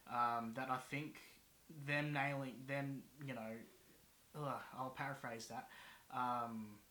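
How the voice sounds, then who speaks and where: A man's voice: medium pitch, fairly even intonation, slow, sharp tone, a little hiss or hum. A man guest on a casual movie review chat, speaking hesitantly with many ums and restarted sentences. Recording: echoey room.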